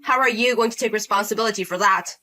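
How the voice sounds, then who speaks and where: A woman reading as a condescending, bossy man in his thirties, scolding as if he owns the place. The voice is bright and forward, with a demanding, talking-down manner. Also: mid-range voice, quick pace, soft background music, lightly acted.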